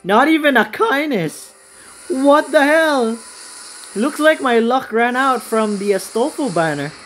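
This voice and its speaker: A woman's voice: medium pitch, rough recording. A woman hosting a gaming video, giving casual commentary on her game pulls in an anxious, pleading, dramatic way.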